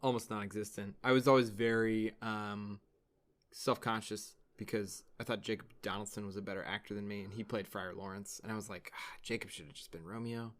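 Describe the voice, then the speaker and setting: A man's voice: fairly low pitch, flat delivery, brisk. A young man co-hosting a podcast in casual chat, rambling with many fillers and restarts. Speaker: podcast co-host.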